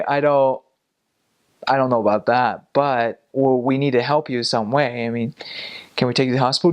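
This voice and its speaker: A young man, a missionary, telling a casual story with animated delivery and frequent laughs. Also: medium pitch, moderate pace. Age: young adult.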